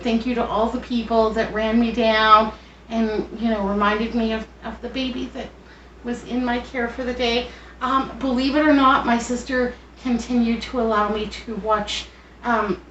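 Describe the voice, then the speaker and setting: A woman's voice: a little high, fairly bright tone, slight background noise. A middle-aged woman telling a rambling, self-deprecating story in casual chat while she cooks in her home kitchen. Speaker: home cooking vlogger. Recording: roomy, dull sound from a distant mic.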